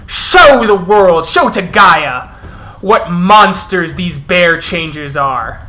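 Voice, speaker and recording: A man's voice: high voice, animated, slow, pushed and bright, exaggerated voice. A man voicing a huge, growling wolf elder who roars commands at his pack in a tabletop role-play. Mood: roaring, commanding. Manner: roaring, commanding speech.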